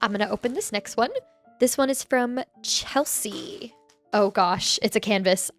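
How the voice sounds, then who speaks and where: A woman co-hosting a podcast, gushing and tearful, quick to laugh. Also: medium pitch, soft background music. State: emotional, near tears. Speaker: podcast co-host. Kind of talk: casual chat.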